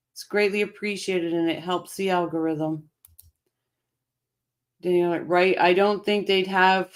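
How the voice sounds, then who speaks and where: Hoarse true crime streamer, chatty, reacting and reading comments. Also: medium pitch. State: losing voice. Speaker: host of a true-crime livestream. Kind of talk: casual commentary over court footage.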